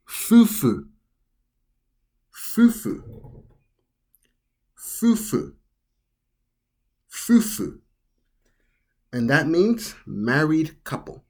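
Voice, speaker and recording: A host teaching pronunciation at an unhurried pace, saying each word over and over before explaining it. The voice is soft and a little breathy, and the pitch rises and falls a lot from word to word. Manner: repeats each word several times, carefully; explains step by step in plain words. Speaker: language teacher. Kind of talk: slow pronunciation lesson.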